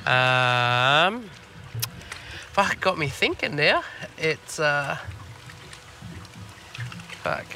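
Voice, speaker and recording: Bright-voiced Australian man, laid-back. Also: a little high, very animated, very slow, long pauses, a little hiss or hum. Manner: laid-back, rambling, swears freely. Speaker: podcast co-host. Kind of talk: casual chat. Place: on a boat on the water.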